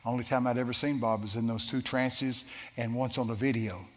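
A man preaching and spinning a tale from the pulpit, his voice landing at an everyday pitch. He bursts into shouts whenever he quotes someone. A long reverb trails each phrase around the hall. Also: brisk. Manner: animated, shouting quoted lines. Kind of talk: sermon storytelling.

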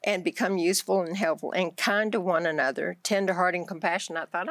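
Texan lady, low gravelly voice, lively storytelling on a christian talk show, dry close sound. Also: quick pace, hardly any pauses, no room sound. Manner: animated storytelling, acts out her own prayers. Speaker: guest author.

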